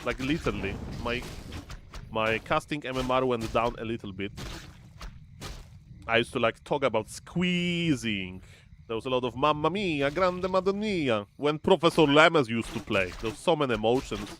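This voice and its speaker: A man's voice: mid-range voice, lively intonation, normal speed, fairly bright tone, slight background noise. A young man casually casting a strategy game on a live stream, playful and chatty, calling out exclamations and reading viewer messages aloud. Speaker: esports caster and streamer.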